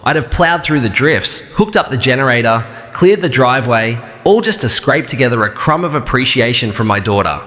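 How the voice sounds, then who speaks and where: A man tells a scripted first-person story in a calm, even, measured delivery. His voice is bright and forward, and each phrase hangs in a long reverb. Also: mid-range voice. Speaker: narrator.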